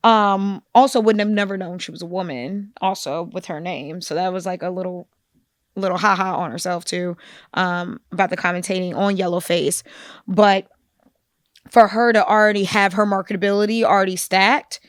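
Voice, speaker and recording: A woman co-hosting a book podcast, talking in an animated, conversational way with frequent asides. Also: on the low side, moderate pace, no echo, studio quality. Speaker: podcast co-host. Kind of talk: casual book discussion.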